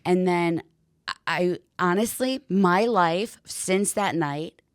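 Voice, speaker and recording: A woman, a podcast guest, telling a story in a casual, animated way with lots of "like" and swearing. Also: lowish voice, slow pace, smooth, dry recording, studio quality. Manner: animated, heavy use of "like" and swearing. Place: podcast studio.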